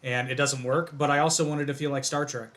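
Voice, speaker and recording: A man co-hosting a podcast, talking in a relaxed, chatty way. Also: medium pitch, a little fast. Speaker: podcast co-host. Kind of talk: casual podcast chat.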